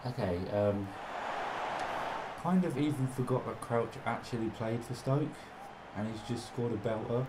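A young man swearing and reacting excitedly while commentating his own football video game, with game music behind him. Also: medium pitch, a little slow, very noisy. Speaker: gaming commentator. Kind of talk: casual gameplay commentary.

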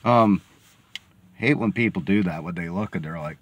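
A man's voice: deep voice, lively intonation, moderate pace, husky, no echo, muffled recording. Chatty man rambling in a car. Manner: rambling and chatty, many fillers. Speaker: sports podcast host. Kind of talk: casual vlog monologue.

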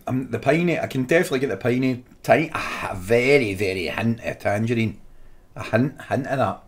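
A Scottish man co-hosts a podcast in casual chat, laughing readily and trailing off mid-sentence. His voice is medium in pitch and a little fast.

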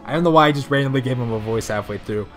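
A man streaming a video game, joking, swearing and reacting loudly. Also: mid-range voice, very fast, music in the background. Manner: loud, excitable, swearing, jokey. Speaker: gaming streamer. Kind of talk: comedic let's play commentary.

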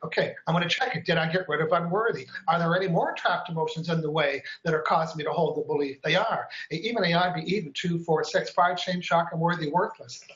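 A man's voice: a little high, quick pace, hardly any pauses, fairly bright tone, reverberant, highs cut off. A man hosting a live stream, chatty and upbeat, explaining each step and counting aloud as he demonstrates. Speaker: host.

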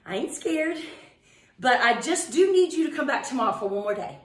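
A woman's voice: high-pitched, very animated, a little fast, reverberant, recorded from a distance. A woman fitness instructor leading a home workout class, counting reps in a playful sing-song way with cheerful asides, out of breath.

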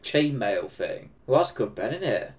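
A man with an English Midlands accent reacting to a film, excitable, swearing and laughing often. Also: medium pitch, a little slow, soft background music. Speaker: reaction video host. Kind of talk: casual reaction commentary.

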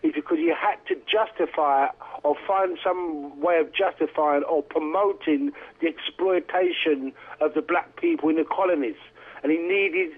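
A high-pitched man talks over a tinny phone line into a radio show. He rambles emphatically, stumbling and restarting as he builds his points. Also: expressive, normal speed. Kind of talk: talk radio discussion.

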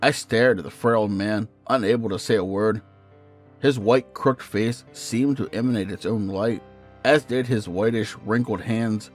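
A man narrating a first-person horror story in a measured, hushed storytelling manner. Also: fairly low pitch. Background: faint music.

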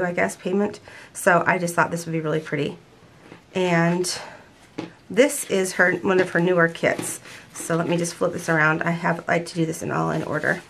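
A woman's voice: lowish voice, a bit bright. Chatty older woman gushing over a haul. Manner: chatty, gushing, restarts sentences. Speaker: planner vlogger. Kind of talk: casual haul chat. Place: home.

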